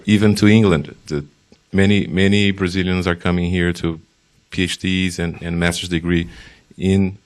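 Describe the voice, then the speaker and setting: A man with a very deep, monotone voice asks a question from a lecture audience. He hesitates often and restarts as he builds toward his point. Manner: hesitant, halting delivery. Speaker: audience member asking a question.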